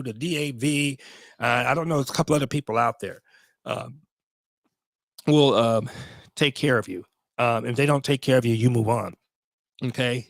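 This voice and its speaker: A man's voice: medium pitch, no room sound. A man in his fifties, a veteran vlogger, tells a story to his viewers in a blunt, profane way, with emotional asides.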